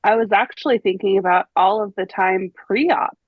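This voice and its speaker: A woman's voice: medium pitch, moderate pace, husky, no echo. Woman on a podcast, candid and reflective, laughs easy, dry muffled remote mic. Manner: candid and reflective, laughs easily, casual swearing. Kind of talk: conversational podcast chat.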